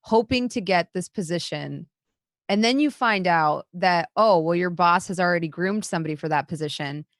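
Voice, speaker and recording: A woman's voice: lowish voice, normal speed, no room sound, studio quality. A woman co-hosting a podcast in casual chat, speaking bluntly, swearing freely and acting out little scenes. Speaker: podcast co-host.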